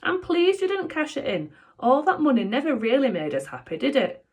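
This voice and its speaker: Overwrought soft-hearted dad, put on by a woman reader, pitched way up, dramatic storybook voice. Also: big pitch swings, fairly quick. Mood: emotional. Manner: gushing, overwrought. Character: emotional middle-aged father, soft-hearted and dramatic.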